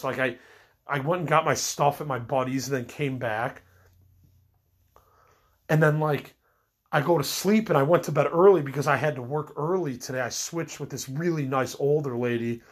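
Fighting a cold, this middle-aged podcast host vents about his frustrations in a loose, rambling monologue full of fillers and false starts. His voice sits a little high, and his pace is moderate.

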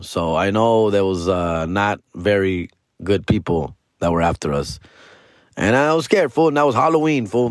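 A man's voice: on the low side, dry recording, clean studio sound. A middle-aged man casually telling a story on a podcast, full of slang and Spanish words mixed into his English. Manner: slangy, mixes Spanish into English, calls listener fool and dog.

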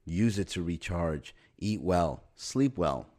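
Deep-voiced man riffing sarcastically. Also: animated, slow, darkish tone. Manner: sarcastic, wry, laughs at his own jokes; swears casually. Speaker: podcast host. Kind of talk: casual comedic podcast monologue.

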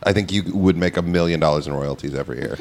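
A man's voice: low voice, fast, a crowd in the background. A man in casual chat, dropping dry, joking asides. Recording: voice over clearly audible music.

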